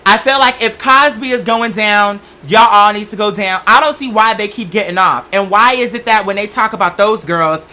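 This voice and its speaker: A man's voice: high voice, moderate pace, hardly any pauses, pushed and bright. A young man hosting a show, talking in a sassy, campy, profane comedic monologue. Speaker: show host.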